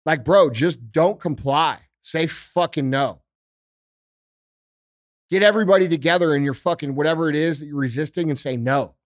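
A man's voice: a little high, moderate pace, no echo, studio quality. A man hosting a podcast, ranting with heavy swearing and repeated rhetorical questions. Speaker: podcast host. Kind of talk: profane political rant.

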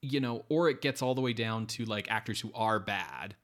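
A man's voice: lowish voice, normal speed, fairly bright tone. Rambling sardonic man reviewing a movie. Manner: rambling, filler-heavy, sardonic. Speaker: podcast co-host. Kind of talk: casual movie review chat.

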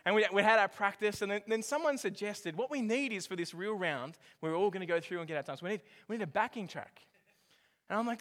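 A man preaching a sermon, telling a story with lively swings from hushed to loud. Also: high-pitched, quick pace. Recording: long hall reverb with faint music.

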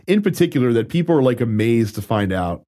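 A man's voice: mid-range voice, very animated, fast, dark tone. A man co-hosting a casual gaming podcast, laughing often in loose banter. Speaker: podcast co-host.

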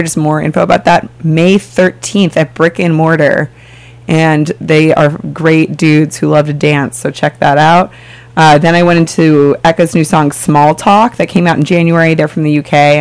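A chatty, bubbly male radio DJ with a fairly high voice, chatting casually in the studio. He rambles cheerfully between songs and laughs easily. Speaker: radio DJ host.

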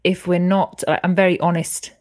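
A woman's voice: on the low side, level tone, normal speed, darkish tone, no echo, studio quality. A woman, telling her personal story frankly and earnestly as a podcast guest over a video call, swearing freely.

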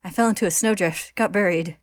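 Cheerful, gentle boy in armor, as a narrator puts him on, lighter and brighter than her narration. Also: lowish voice, brisk, no echo, clean studio sound, lightly acted. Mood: relieved.

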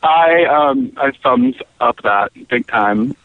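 A man's voice: medium pitch, lively intonation, slow, a little hiss or hum. Giggly man caller on lo-fi line. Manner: playful, giggly, goofy asides. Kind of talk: casual comedic call-in chat. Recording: dull, lo-fi call audio.

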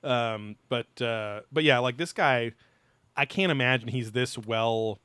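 A man in casual podcast chat, profane and animated, mocking what he talks about. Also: medium pitch, unhurried, smooth, dry recording. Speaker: podcast co-host.

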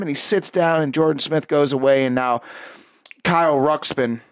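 A man telling a story in casual, profane chat, animated and swearing often. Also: on the high side, fairly quick, clean tone, dry recording.

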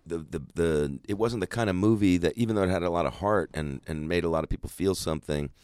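A man with an extremely deep voice tells stories in a loose, rambling way, often restarting his sentences. The sound is close and dry, with no room around it. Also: quick pace, a little mellow, no room sound. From Southern California. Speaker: guest actor. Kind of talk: casual interview chat.

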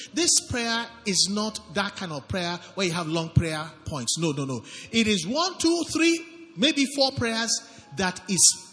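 A man's voice: high voice, a bit bright, long reverb tail. A man pastor preaching a sermon, reading scripture aloud and calling for amens from the congregation. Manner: preaching with call-and-response, reads scripture aloud.

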